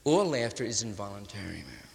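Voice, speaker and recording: A man riffing loosely in hip slang, often ending lines with "man" and slipping into quick impressions of others. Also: on the low side, big pitch swings, vocal fry, big-room sound. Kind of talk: loose hipster riffing monologue.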